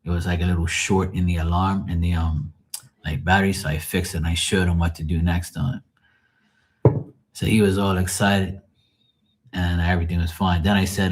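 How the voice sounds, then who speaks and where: A man's voice: deep voice, flat delivery, moderate pace, pauses often. A man hosting a live tarot stream, telling rambling family stories full of swearing and laughing asides. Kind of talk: casual storytelling livestream.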